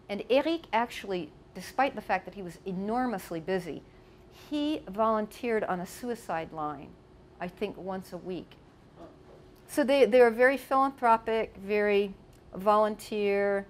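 A woman's voice: medium pitch, animated, moderate pace, a little hiss or hum. A woman casually reminiscing about her past while showing photos, chatty with many asides. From United States. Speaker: storyteller.

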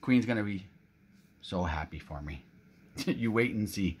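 A man's voice: lowish voice, lively intonation, a little slow, long pauses, breathy edge. A middle-aged man from Canada doing a casual scratch-off ticket vlog, chatting to viewers and exclaiming often. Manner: frequent exclamations, talks to viewers as guys. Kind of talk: excited casual vlog commentary.

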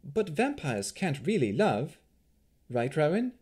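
A man voicing a gentle, caring woman warlock who speaks with concern. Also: fairly high pitch, sing-song, slow, husky, pitched above the performer's own voice, exaggerated voice.

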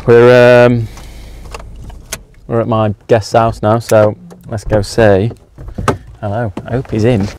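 A man's voice: medium pitch, level tone, takes it slowly, pauses often, background noise. A man hosting a casual travel vlog outdoors, talking in a joking, cheeky banter. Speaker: vlog host. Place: outdoors, riding a bike through town. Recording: background music under the voice.

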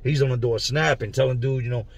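A man's voice: medium pitch, steady tone, fast talker, vocal fry, breathy edge. A man telling a story from his own prison time in a casual, slangy way, stopping to explain terms. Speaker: storyteller recounting prison life.

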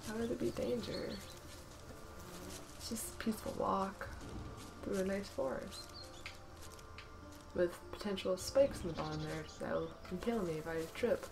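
A woman's voice: mid-range voice, normal speed, pauses often, slight background noise. Sarcastic woman commentating a game. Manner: sarcastic, talks to the game, laughs and yelps often. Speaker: gameplay commentator. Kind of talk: casual let's-play commentary.

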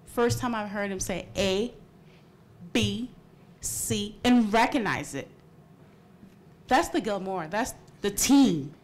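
A woman's voice: medium pitch, a little hiss or hum. Earnest young mother at a podium. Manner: earnest, pressing, voice rising as she presses her point. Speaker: parent speaking at public comment. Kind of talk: emotional unscripted public comment. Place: public meeting hall.

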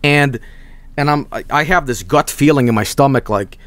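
A young man streaming a game, casually telling a story, cursing a lot and shouting out the voices he quotes. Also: mid-range voice, moderate pace, dry recording. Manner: animated, swearing, mock-shouting quoted voices. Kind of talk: casual storytelling while gaming.

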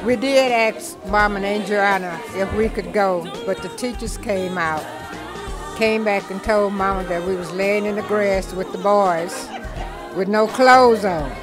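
A woman in her seventies telling a lively, funny story from her youth as a birthday message. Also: mid-range voice, measured pace. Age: 70s. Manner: lively storyteller, acts out voices from memories. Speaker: birthday well-wisher. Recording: music and crowd noise behind.

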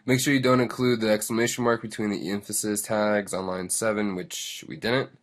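A man's voice: fairly low pitch, fairly bright tone. A young man casually talking through a coding tutorial, reading steps aloud and rambling into self-deprecating asides. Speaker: tutorial host.

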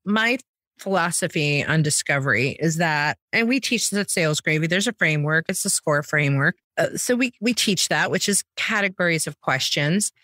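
An American woman co-hosting a sales podcast, talking in a quick, punchy way that jumps up in pitch when she stresses a point. Her voice is on the low side and close to the mic, dry with no room echo. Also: expressive, pushed and bright. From United States. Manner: emphatic, quick, rising pitch on key points. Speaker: podcast co-host, sales trainer. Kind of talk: casual chat.

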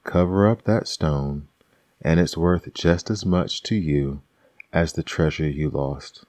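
Man voicing a level-headed stranger for an ASMR bedtime story, calm questions, deep slow delivery. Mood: reasoning. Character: sensible male stranger, calm and reasoning.

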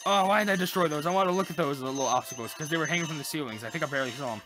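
A woman hosting a casual let's-play, chatty and excitable as she gushes over cute details. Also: deep voice, rapid-fire, over music. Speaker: gaming channel host.

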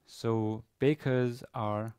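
A man giving a university grammar lecture, pausing often with fillers and restarting his sentences. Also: mid-range voice, steady tone, a little mellow, clean tone, dry recording, studio quality. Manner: hesitant, many fillers and restarts. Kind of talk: classroom lecture. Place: university classroom.

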